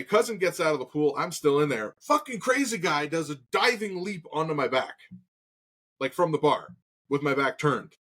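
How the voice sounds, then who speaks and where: A man's voice: a little high, a bit bright. A man in his thirties co-hosting a casual talk show, telling a story with lots of swearing and acted-out quotes. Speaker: podcast co-host.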